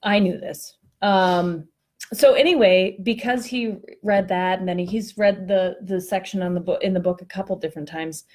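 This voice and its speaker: A woman's voice: lowish voice, moderate pace, darkish tone. A woman co-hosting a casual talk on workplace culture, telling a story in a chatty, self-mocking way over an online call. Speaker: co-host discussing workplace culture.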